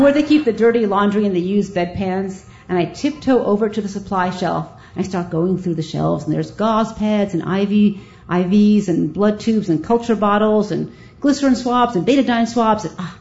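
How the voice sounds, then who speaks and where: A woman, a physician, telling a live story in a lively, self-mocking way, with a dull lo-fi sound. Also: medium pitch.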